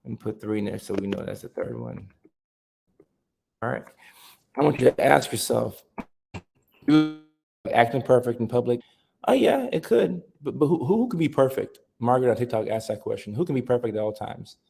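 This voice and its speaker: A man hosting a casual livestream, chatting with viewers, reading their comments aloud and repeating himself in a relaxed way. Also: medium pitch, moderate pace, gravelly, long pauses. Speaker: livestream host.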